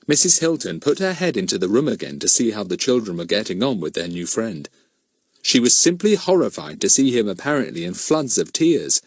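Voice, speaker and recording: Expressive man narrating a children's book. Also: fairly low pitch, fairly quick, no room sound. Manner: expressive storytelling. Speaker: audiobook narrator. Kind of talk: scripted narration.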